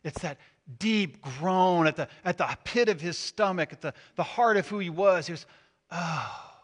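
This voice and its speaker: A middle-aged man preaching a sermon as pastor, animated, swinging from loud emphasis to hushed asides. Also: sits high, moderate pace.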